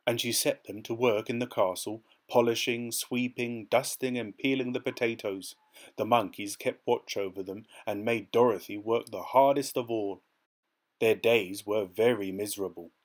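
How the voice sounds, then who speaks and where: A man reading a children's story aloud in a steady, expressive way. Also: fairly low pitch. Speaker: narrator.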